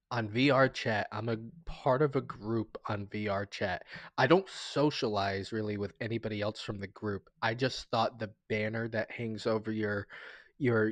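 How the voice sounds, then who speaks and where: A man's voice: lowish voice, no room sound. A man live-streaming and chatting casually with his viewers, rambling, stumbling over his words and getting sentimental as he thanks them. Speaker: livestreamer.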